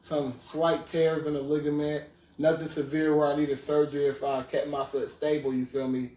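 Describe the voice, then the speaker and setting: This host, in his 20s, speaks with a mellow, level voice on the high side at normal speed. Using slang, he casually retells a story on his podcast and keeps asking "you feel me," all captured on a roomy, distant mic.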